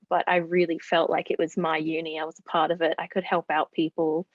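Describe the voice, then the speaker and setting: A woman's voice: low-pitched, fairly even intonation, fairly quick, hardly any pauses, dry recording, muffled recording. A young Australian woman, a student on a panel, talking in a chatty, hesitant way with many fillers. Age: young adult. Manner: chatty, hesitant, lots of ums. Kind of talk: panel discussion.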